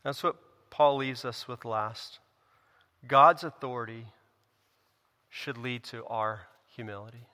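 Preaching man with bright, echoing voice. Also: slow, long pauses. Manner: earnest preaching, swings between loud emphasis and hushed low lines. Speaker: pastor. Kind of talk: sermon. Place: church sanctuary. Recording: long reverb of a church hall.

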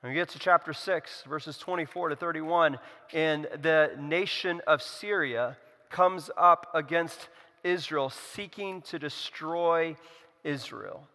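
A man's voice: fairly high pitch, slow pace, pushed and bright. A man preaching a sermon, retelling a scripture story with sarcastic asides. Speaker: pastor. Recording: long hall reverb.

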